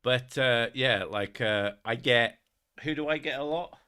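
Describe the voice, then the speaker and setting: A man's voice: medium pitch, unhurried, bright, forceful tone, clear, resonant tone. A man hosting his stream, chatting casually and rambling, swearing freely and laughing at himself. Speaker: streamer host. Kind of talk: casual chat reading viewer messages.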